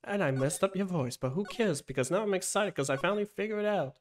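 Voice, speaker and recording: A woman's voice: on the low side, fast talker, slight background noise. A woman commenting on her own game play in a chatty, self-mocking way. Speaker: gaming video creator.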